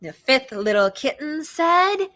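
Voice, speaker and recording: A woman librarian reading picture books aloud to preschoolers in an animated, expressive way, gasping and making animal noises. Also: high-pitched, takes it slowly, no room sound. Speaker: children's librarian hosting storytime.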